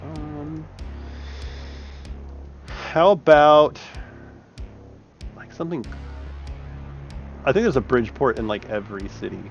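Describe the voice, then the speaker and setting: A map-building streamer thinks aloud while he works, chatting casually with plenty of fillers and swearing. His voice is on the high side and creaky, fairly even in intonation, slow and often pausing, and the audio is muffled with faint music underneath.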